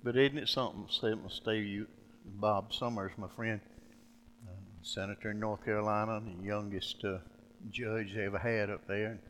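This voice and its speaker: An older man preaching a sermon, folksy and storytelling, swinging between loud preaching and quiet asides. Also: lowish voice, fairly even intonation, normal speed, slight background noise. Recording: long hall reverb.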